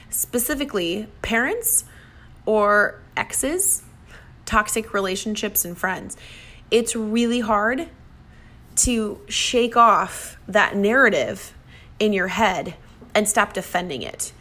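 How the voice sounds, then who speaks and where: A woman's voice: medium pitch, vocal fry. A woman giving an emphatic motivational talk, sometimes acting out what other people say. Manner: emphatic, acts out quoted voices. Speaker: motivational speaker.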